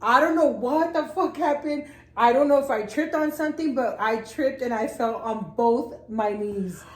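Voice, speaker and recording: High-voiced woman chatting in an echoey room. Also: normal speed. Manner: laughing storyteller, swears freely. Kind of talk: casual chat.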